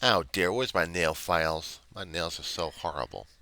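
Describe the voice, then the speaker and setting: A man's voice: low voice, normal speed, sharp tone, no room sound. A man playing a snippy, bored insurance clerk. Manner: sarcastic, dismissive, answers a caller on hold.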